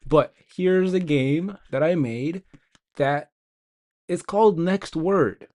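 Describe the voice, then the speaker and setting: Slow, rambling young man coding live. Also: on the high side, a little mellow. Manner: rambling, self-mocking, talks to himself while coding. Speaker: indie game developer streaming live. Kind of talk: casual live-stream coding chat.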